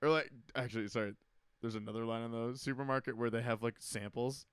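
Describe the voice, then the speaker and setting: A young man co-hosting a comedy podcast, talking bluntly with lots of swearing and animated storytelling. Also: mid-range voice, quick pace, clear, resonant tone, no room sound, clean studio sound. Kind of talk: casual chat.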